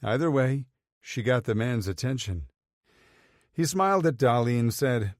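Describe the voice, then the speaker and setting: A man reading a romance story aloud in an even, measured way. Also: mid-range voice, no room sound, studio quality. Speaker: audiobook narrator. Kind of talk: scripted narration.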